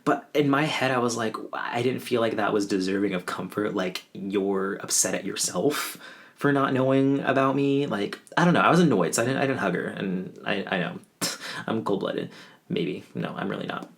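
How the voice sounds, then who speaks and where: Gravelly low-voiced young man, wry. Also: lively intonation, moderate pace. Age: 20s. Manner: wry, offhand, self-mocking. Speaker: vlogger. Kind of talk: casual storytelling to camera.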